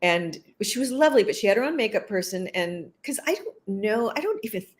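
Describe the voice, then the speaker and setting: A woman, an actress, being interviewed and chatting casually, telling animated stories and laughing often. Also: mid-range voice, brisk. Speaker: actress guest.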